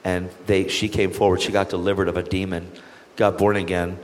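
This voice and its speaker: A man's voice: sits low, a little fast, in a large hall. A man, an evangelist guest, telling a testimony with animation and acting out the people he quotes. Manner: animated, acts out quoted voices. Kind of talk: storytelling testimony.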